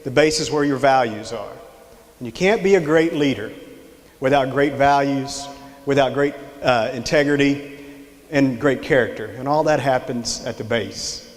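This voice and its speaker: A man's voice: mid-range voice, normal speed. A middle-aged man with a Texan accent gives a folksy motivational talk to a live audience, telling a story and drawing the crowd in with questions. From Texas. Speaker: extension director giving a leadership talk. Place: large hall with live audience. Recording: long hall reverb.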